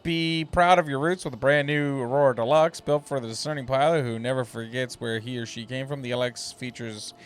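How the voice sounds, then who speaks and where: A man streaming a space game, chatting casually and reading ship descriptions aloud in a relaxed, slightly halting way. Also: medium pitch, clear, resonant tone.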